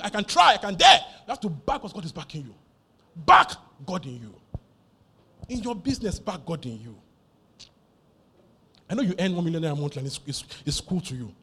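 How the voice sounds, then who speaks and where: A man preaching a sermon, animated and emphatic, repeating key phrases over and over. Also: on the high side, slightly rough. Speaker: pastor.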